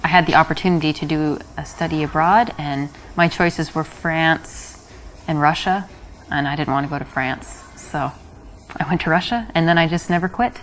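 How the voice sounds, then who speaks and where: A woman from the United States playing a soft-spoken young date in a video game. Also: low-pitched, moderate pace, close to an everyday voice, low-quality recording. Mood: easygoing. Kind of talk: scripted game dialogue.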